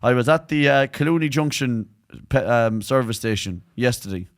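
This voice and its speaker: A man's voice: medium pitch, lively intonation, moderate pace. A man with an Irish accent co-hosting a podcast, bantering and swearing freely as he tells rambling stories. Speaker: podcast co-host. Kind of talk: casual chat.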